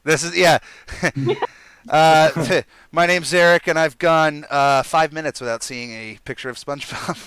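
A man's voice: fairly high pitch, measured pace, a bit bright, clear, resonant tone, no room sound. A man hosting a casual group chat, upbeat and teasing, laughing often. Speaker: podcast host.

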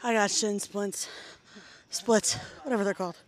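A woman's voice: mid-range voice, steady tone, moderate pace. A young woman hosting a podcast, chatting and teasing her way through casual interviews outdoors at band camp. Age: young adult. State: slightly out of breath. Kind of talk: casual chat, roving interviews.

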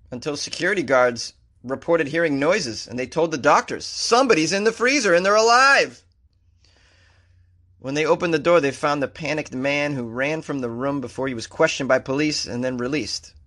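A man's voice: a little high, fairly quick, fairly bright tone. A man from Massachusetts hosting a comedy show, riffing sarcastically on strange news stories and laughing at his own jokes.

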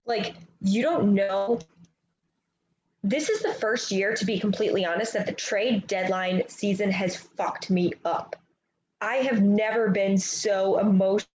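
A woman's voice: mid-range voice, measured pace, darkish tone, reverberant, a little hiss or hum, low-quality recording. A woman co-hosting a casual sports chat, telling stories emotionally and laughing easily. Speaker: podcast co-host.

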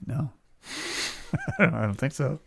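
A man's voice: medium pitch, huge pitch swings, very slow, vocal fry, a bit bright, slight background noise. A man, co-hosting a podcast in casual chat, telling stories in a laid-back way and swearing freely. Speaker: podcast co-host.

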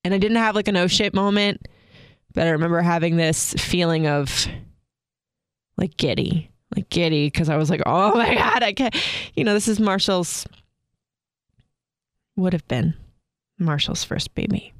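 A young woman, co-host of a podcast, telling a personal story candidly with many filler words and soft laughs. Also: on the low side, moderate pace, long pauses, no room sound, studio quality.

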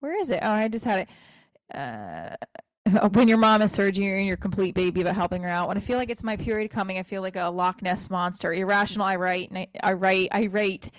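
A New woman in her forties, speaking, hosts a podcast alone. She rambles, swears freely and makes fun of herself as she tries out comedy bits. Her voice sits at a middling pitch and sounds dry and close, with no room around it. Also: brisk, dry recording. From New Jersey. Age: 40s. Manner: rambling, profane, self-deprecating. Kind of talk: casual solo podcast monologue.

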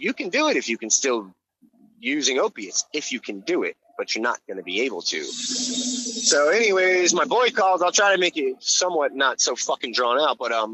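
Blunt, swearing man with a bright voice. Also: mid-range voice, rough recording. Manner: blunt, heavy swearing, rambling restarts. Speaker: podcast guest. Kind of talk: casual storytelling.

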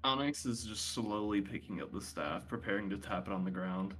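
A man playing a tabletop game, stating his character's actions in a calm, matter-of-fact way. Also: on the low side, a little fast, slightly rough, faint music behind. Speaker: player. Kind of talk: casual tabletop play.

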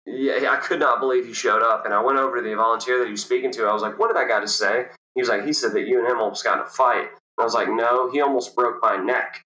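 Bright-voiced man telling stories in an echoey room. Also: fast talker, hardly any pauses. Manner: animated storyteller, jumps high to act out quoted people. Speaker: professional golfer, guest. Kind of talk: casual storytelling interview. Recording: roomy echo.

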